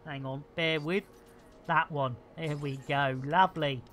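A woman's voice: low voice, steady tone, unhurried, a bit bright, slight background noise. A woman streaming a space game live, chatting to herself in a jokey way full of playful slang and muttered asides. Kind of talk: live gameplay commentary.

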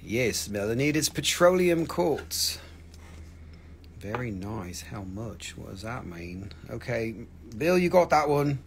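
A man's voice: medium pitch, big pitch swings, slow, creaky, a little hiss or hum. A man hosting a live stream sale, chatting casually, joking and rambling with plenty of swearing. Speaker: live-stream crystal seller. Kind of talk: casual live sales chat.

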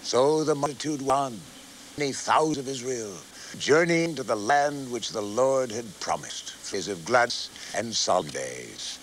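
A man narrating a scripture story in an expressive, archaic reading style. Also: mid-range voice, measured pace, slight background noise, low-quality recording.

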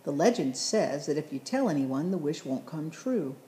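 A woman reading the lines of an earnest, eager young boy in a storybook, in her own low, mellow voice. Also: expressive, normal speed, reverberant, a little hiss or hum.

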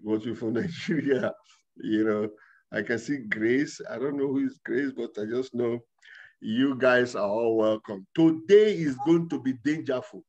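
A man preaching as a pastor, excitable, breaking into loud tongues and laughter. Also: medium pitch, unhurried, muffled recording. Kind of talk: sermon with speaking in tongues.

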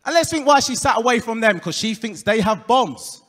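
A high-pitched, bright-toned man with an Essex accent performs stand-up on a club stage. He lands punchlines deadpan and chats with the crowd. The room carries a long, roomy reverb. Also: normal speed. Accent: Essex English. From England. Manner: deadpan punchlines, crowd work, puts on voices for quoted people. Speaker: stand-up comedian. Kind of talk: stand-up comedy set. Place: comedy club stage before a live audience.

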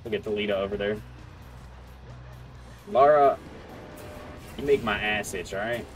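A gaming streamer gives casual gameplay commentary, trash-talking, taunting and joking at opponents, while game music plays under his voice. He speaks on the low side at a measured pace.

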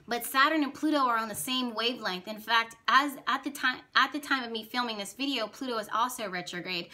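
Bright-voiced woman astrologer, animated. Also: fairly high pitch, a little fast. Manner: animated, laughing, talks directly to viewers. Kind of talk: casual talk to camera.

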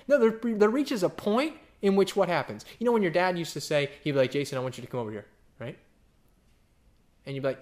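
A man, a pastor, teaching a verse-by-verse Bible study in a lively, animated way, acting out the voices he quotes and repeating phrases for emphasis. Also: a little high, brisk.

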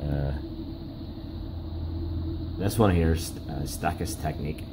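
A man giving a casual hands-on workshop demonstration, talking in a halting way with many fillers and restarts. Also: very deep voice, background noise. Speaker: DIY car repair video host.

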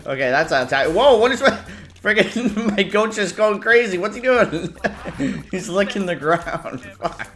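A man's voice: high voice, lively intonation, normal speed, a bit bright, soft background music. A young man giving casual, goofy gameplay commentary as a YouTuber, laughing often between his remarks. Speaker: gaming YouTuber.

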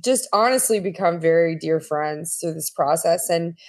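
Woman guest sharing a story, earnest and lively, lowish voice. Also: normal speed. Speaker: podcast guest. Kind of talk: casual faith-based conversation.

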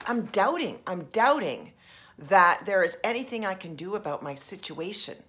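A woman life coach in a how-to video, talking herself through feelings, shifting from quiet whispers to raging outbursts. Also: lowish voice, moderate pace. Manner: expressive, swings from soft whispers to raging. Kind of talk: coaching video, acting out emotions.

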